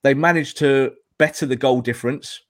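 A man speaks at a moderate pace with a steady, medium-pitched voice as a guest pundit on a football podcast. Emphatic and lecturing, he tends to circle back to drive home his arguments, and the sound is close and dry, with no echo from the room.

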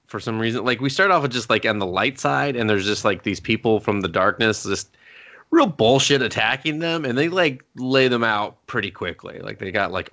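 Guy with a bright voice cracking jokes and swearing through a show recap on a podcast. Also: lowish voice. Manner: sarcastic, profane recap with quoted voices. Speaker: podcast co-host. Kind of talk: casual podcast chat.

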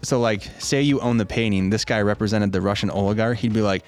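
A man with a very low voice and a flat, even delivery, co-hosting a podcast. He tells a long story in a loose, rambling way, swearing freely. Faint music plays behind him. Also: fast talker, few pauses. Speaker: podcast co-host. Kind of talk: casual chat.

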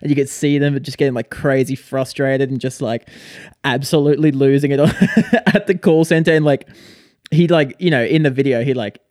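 A young man co-hosting a podcast, telling a story in a lively casual chat, heavy on "like". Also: medium pitch, normal speed, no echo, clean studio sound. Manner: animated storytelling with frequent "like" fillers. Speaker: podcast co-host.

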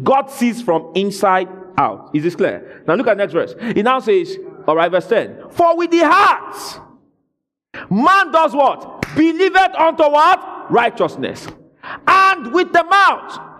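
Animated preacher, high lively voice. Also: male voice. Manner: animated preaching, calls out questions to the congregation, bursts into shouts. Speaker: pastor. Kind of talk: sermon.

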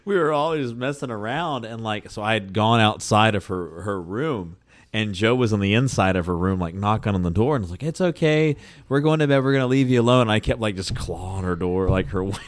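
Man podcast co-host, lowish voice, rambling anecdote teller, says "like" constantly. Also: brisk. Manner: rambling, laughs often, many likes. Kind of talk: casual chat.

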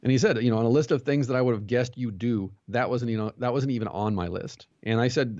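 A man's voice: lowish voice, darkish tone, dry recording, highs cut off. A man who is a pastor and jiu-jitsu instructor, talking earnestly as a podcast guest and telling stories with quoted dialogue. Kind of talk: conversational interview.

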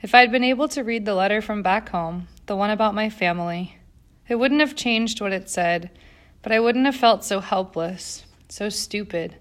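A woman's voice: medium pitch, moderate pace, lightly acted. A woman voicing a cheerful young immigrant factory girl who talks in a wistful, earnest way.

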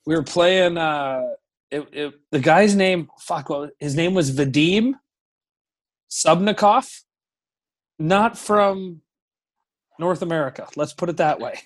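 A man in his thirties, a hockey goaltender, telling stories as a podcast guest in an animated, profane, rambling way. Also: fairly high pitch, takes it slowly, long pauses. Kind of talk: casual podcast storytelling.

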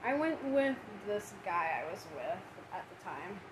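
An animated young woman from Minnesota chats as a guest and swears often between quick laughs. Her voice sits at a middle pitch. Clear background hiss runs through the recording. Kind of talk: casual chat.

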